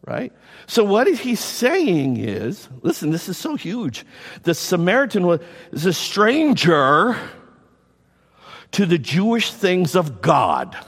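A middle-aged man preaches a sermon in a high, swooping voice, animated and quick to repeat himself. His words ring out with the long reverb of a large hall. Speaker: pastor.

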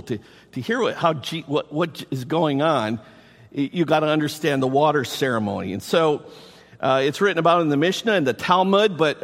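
A man preaching a sermon, enthusiastic and animated, repeating phrases for emphasis. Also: on the high side. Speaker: pastor. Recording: long reverb from the hall.

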